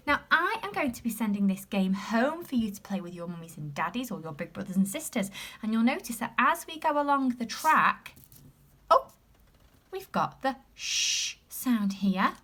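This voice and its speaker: A woman with an English accent teaching a phonics lesson to young children, sounding out letters slowly and encouraging the class, sometimes dropping into a whisper. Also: fairly high pitch, a bit bright. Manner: drops to a whisper at times.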